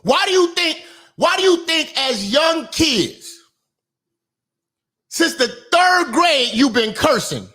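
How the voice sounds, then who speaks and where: A man giving a profane, comedic commentary monologue in a preachy, emphatic way, now and then breaking into shouts. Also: extremely high pitch, big pitch swings, slow, pauses often. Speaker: online commentator and minister.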